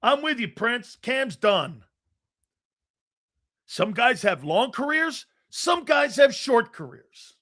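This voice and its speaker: A man's voice: very high voice, big pitch swings, takes it slowly, bright, forceful tone. Brash, combative sports radio host, man. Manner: combative, brash, swears freely. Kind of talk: blunt sports talk radio rant.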